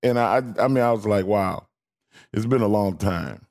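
Male radio co-host, lowish voice, wry storyteller, mock-outraged asides. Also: normal speed, darkish tone. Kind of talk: casual radio sports talk.

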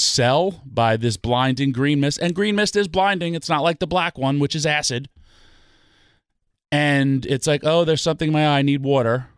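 A man's voice: a little high, clear, resonant tone, no room sound, clean studio sound. Fired-up man ranting on a podcast. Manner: fired-up, emphatic, rhetorical questions. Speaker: wrestling podcast guest. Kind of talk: passionate ranting commentary.

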